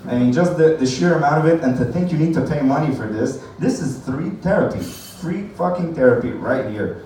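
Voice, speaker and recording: An expressive, brisk man with a mellow voice on the high side does open-mic stand-up, wandering through his material with profanity and laughter at his own jokes. The recording comes from far away in an echoey room, with faint noise.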